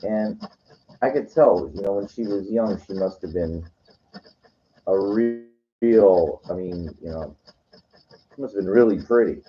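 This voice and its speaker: A man with a very deep voice talks in a casual, meandering monologue. He keeps restarting his sentences and leans on "you know" and "like". The recording is dull and lo-fi. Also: unhurried, long pauses. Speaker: weekend vlogger.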